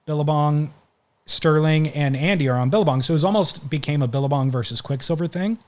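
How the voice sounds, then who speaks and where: A man's voice: a little high, fairly quick, darkish tone. A man hosting a podcast, casually recounting stories at length in conversation. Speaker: podcast host.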